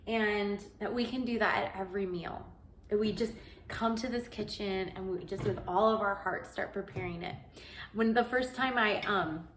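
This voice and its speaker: A woman vlogger chatting earnestly about faith and cooking, rambling with many fillers. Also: mid-range voice. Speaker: lifestyle vlogger. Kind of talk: casual faith-based chat. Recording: echoey room.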